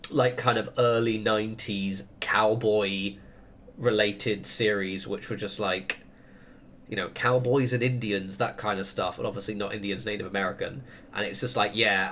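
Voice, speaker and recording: A man's voice: fairly low pitch, fairly bright tone, slight background noise. A man chatting casually while streaming a game, rambling through opinionated tangents and laughing often. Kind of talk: casual chat while gaming.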